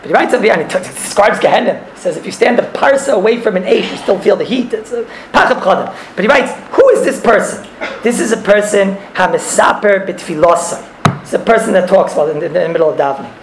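A religious class is led by a man whose high voice has lively intonation and a quick pace, with background noise in an echoey room. He explains a text, tells stories, repeats phrases, and drops in Hebrew and Yiddish words.

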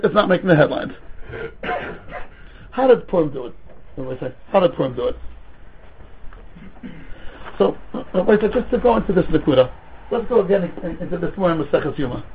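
A man, a rabbi teaching a Talmud class, lecturing with rhetorical questions and stories in an animated way, mixing Hebrew and Yiddish terms into his English. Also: high voice, a little hiss or hum. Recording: tinny phone-like recording.

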